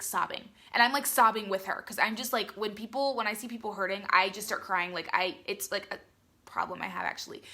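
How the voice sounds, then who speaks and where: A woman's voice: on the high side, bright, forceful tone. A young woman chatting effusively to her team on a live video, full of "like" and "you guys". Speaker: beauty product distributor.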